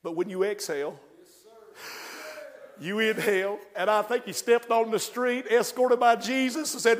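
A man preaching a sermon as pastor, moving from hushed storytelling to shouted, fervent praise. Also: extremely high pitch, measured pace. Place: church sanctuary. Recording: long hall reverb of a church.

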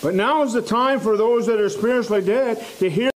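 A man preaching a sermon in a church, slow and emphatic, repeating phrases for stress. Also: sits high, a little hiss or hum, low-quality recording.

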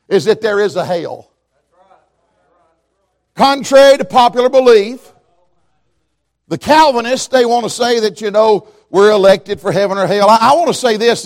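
Man, preacher, fiery sermon, very high voice, hushed then shouting. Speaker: preacher, evangelist.

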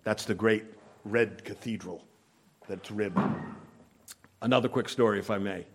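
A man preaching a sermon, telling anecdotes and illustrations in a conversational way, asking his listeners questions and dropping into quiet asides between louder, emphatic lines. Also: steady tone, measured pace, slightly rough. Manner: drops to soft low asides, then rises with emphasis.

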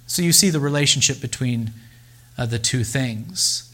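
A male pastor preaching a sermon in a deliberate, emphatic way, with pauses and repeated phrases. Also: on the high side, pushed and bright.

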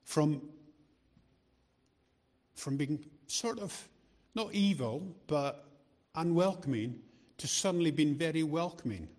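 A man's voice: on the high side, expressive, slow pace, long pauses, a little mellow. A middle-aged man preaching a sermon in a chatty, joking way, often repeating words as he restarts his sentences. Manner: chatty, joking asides to the congregation. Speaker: lay preacher.

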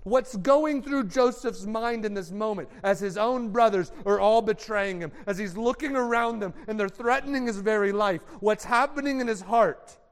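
A man with a high-pitched voice preaches in a dramatic storytelling style, slipping into the voices of the people in the story. His sermon rings out in a hall with a long reverb. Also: normal speed, few pauses, clear, resonant tone. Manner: acts out scenes with voices for the characters.

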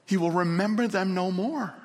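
A man preaching a sermon, telling a story dramatically and swinging from loud to hushed. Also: sits high, normal speed. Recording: long hall reverb.

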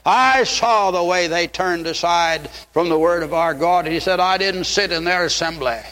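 A man preaching with fervor from the pulpit, his voice pitched notably high. He leans into scripture quotations in old-style English. The sound rings with the long reverb of a church sanctuary. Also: normal speed, pushed and bright. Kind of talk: sermon.

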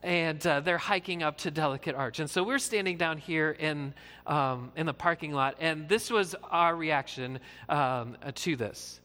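Pastor guy preaching, kinda high voice, lots of uh's, big echoey church sound. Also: moderate pace, sharp tone. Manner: earnest, conversational preaching with frequent "uh" fillers. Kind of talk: sermon.

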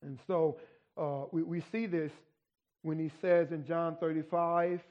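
High-voiced man preaching slowly, muffled recording. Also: flat delivery, darkish tone. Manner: conversational teaching, often asks "right?". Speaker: pastor. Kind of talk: sermon.

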